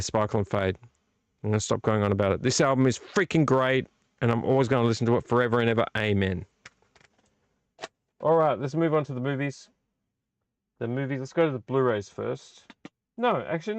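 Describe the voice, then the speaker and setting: A man with a medium-pitched voice, recorded dry, hosts a live vlog. He chats casually and with enthusiasm, rambling, cursing freely and speaking right to his chat in a loose live-stream style.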